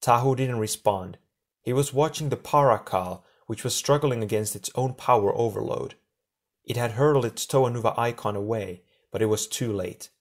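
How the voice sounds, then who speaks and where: A man narrating an audiobook chapter in a steady storytelling manner. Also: mid-range voice, moderate pace. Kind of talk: scripted narration.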